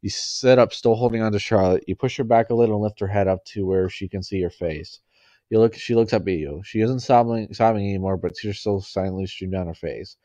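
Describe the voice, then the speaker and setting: A man's voice: lowish voice, fairly quick, mellow, no room sound, dull audio. A man reading a fan fiction story aloud in an unpolished way, often restarting lines. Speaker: story reader.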